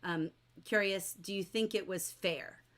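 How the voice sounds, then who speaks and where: A middle-aged woman teaches a book class over a livestream, reading passages aloud and reacting to viewers' comments. Her voice sits at an ordinary middle pitch, and her delivery is lively and chatty. She moves quickly from quotes to questions for her audience. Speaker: teacher leading a novel study class.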